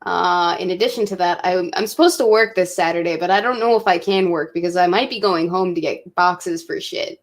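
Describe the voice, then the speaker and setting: A woman's voice: lowish voice, brisk, few pauses. Young woman vlogger, tipsy, emotional, swears a lot, casual chat. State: drinking, tipsy. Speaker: college student vlogger.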